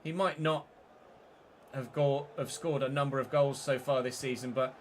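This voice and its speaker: A man's voice: medium pitch, steady tone, normal speed, slight background noise. A man giving live, mock match commentary while playing a football game, swearing when frustrated.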